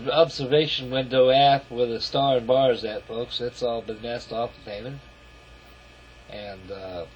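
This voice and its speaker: Lo-fi camera sound captures a man casually showing off his scale model, chatting in a folksy, meandering way and calling his audience folks. His voice is husky and medium in pitch.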